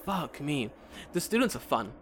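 A man chatting casually on a podcast, swearing freely and telling animated stories in which he acts out what people said. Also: on the high side, normal speed, a little hiss or hum. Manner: swearing, animated storytelling with put-on quotes. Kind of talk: casual chat.

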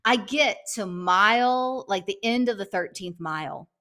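A middle-aged woman co-hosting a podcast, telling a story in a casual chat and acting out the quotes with big jumps in pitch. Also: a little slow, sharp tone. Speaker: podcast co-host.

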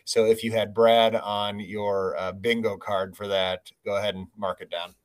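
A man with a lowish voice chats casually as a podcast co-host. He talks in a reflective, rambling way, full of ums and restarts. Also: flat delivery, moderate pace. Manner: rambling, filler-heavy, reflective.

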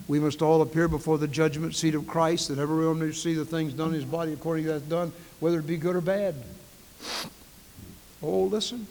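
Pastor guy preaching hard, kinda high voice, big echoey church sound. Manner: emphatic preaching, swinging from hushed to loud. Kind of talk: sermon.

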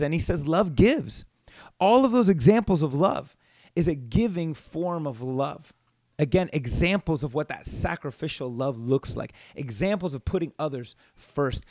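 A man preaching with rising passion, his fairly high voice swinging between quiet reflection and emphatic scolding. The sound is dry and close, with no room around it. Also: no room sound. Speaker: pastor. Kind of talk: sermon.

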